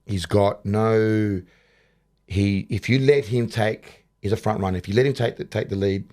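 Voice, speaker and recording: A man's voice: fairly low pitch, fairly even intonation, normal speed, warm tone. A middle-aged man with an Australian accent, a boxing coach chatting in an interview, rambling and restarting his sentences. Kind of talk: casual interview chat.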